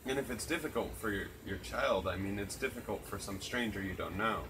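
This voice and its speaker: Earnest low-voiced man, crickets behind. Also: a little fast, slight background noise, rough recording. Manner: earnest, reflective, swears freely. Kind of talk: casual chat. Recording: crickets chirping loudly behind.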